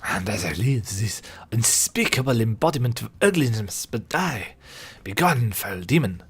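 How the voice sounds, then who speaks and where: A man's voice: fairly low pitch, animated, normal speed, a bit bright, breathy edge, faint music behind, full character voice. A man voicing a flamboyant, vain male hairdresser in a mock French accent, declaiming pompously. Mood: grandiose.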